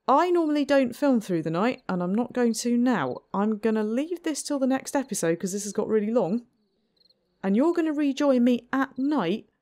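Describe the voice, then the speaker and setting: A woman's voice: a little high, warm tone. Giggly, self-mocking woman gamer. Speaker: gaming channel host. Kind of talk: let's play commentary.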